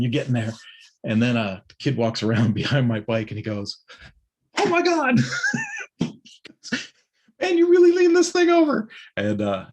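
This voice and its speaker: A man's voice: lowish voice, a little mellow, breathy edge. A middle-aged man telling a casual story during a morning check-in. He talks in loose restarts and acts out the people he quotes. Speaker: business owner giving a morning check-in. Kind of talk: casual spoken monologue.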